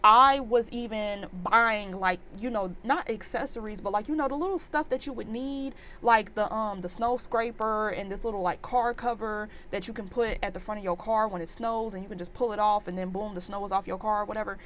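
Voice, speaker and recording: A woman in her twenties telling a storytime vlog in an animated, exasperated rant full of fillers. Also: mid-range voice, fairly quick, few pauses, slight background noise. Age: 20s. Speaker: vlogger.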